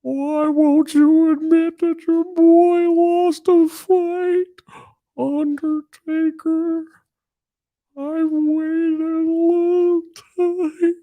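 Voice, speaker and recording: A man putting on the voice of a whiny, taunting heckler, with a high quavering mock cry that drags every word out. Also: level tone, very slow, mellow, exaggerated voice. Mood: mocking wail.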